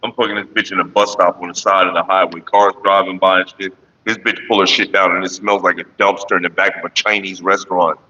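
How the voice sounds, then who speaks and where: A man on a casual stream, telling crude, profane stories in a loud, rowdy way. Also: low voice, flat delivery, quick pace, long reverb tail, dull audio. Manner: loud, profane, jumps into mocking voices and sings snatches. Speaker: livestream host.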